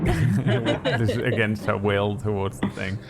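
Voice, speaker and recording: A man's voice: on the low side, flat delivery, slow, vocal fry, over music. A man playing a tabletop game, casual and a little hesitant. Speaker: player.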